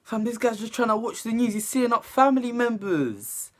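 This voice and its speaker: A man giving casual, animated reaction commentary as a video host, exclaiming often. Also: very high voice, normal speed. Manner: animated, exclaiming and laughing between remarks. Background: faint music.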